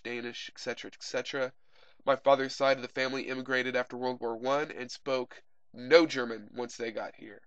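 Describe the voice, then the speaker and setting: A young man from the Oklahoma Panhandle talks about his own life in a relaxed, wry monologue. His voice is bright and forward, and the sound is close and dry with no room echo. He hesitates often with uh and um. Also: mid-range voice. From Oklahoma Panhandle, USA. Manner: wry, candid, frequent uh and um fillers. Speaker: video blogger. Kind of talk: casual personal monologue.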